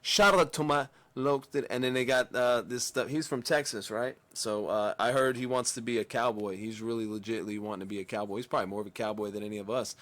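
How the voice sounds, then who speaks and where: A man's voice: on the low side, steady tone, quick pace, hardly any pauses. Rambling man reacting to a music video. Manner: rambling, self-correcting, slangy. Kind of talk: casual reaction commentary.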